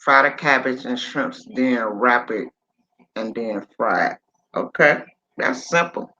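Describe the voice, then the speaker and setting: A man's voice: medium pitch, slow pace, pushed and bright, dull audio. A man in his late fifties hosting a casual livestream chat, rambling and reading viewer comments aloud with casual swearing. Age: 50s. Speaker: livestream host. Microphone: phone.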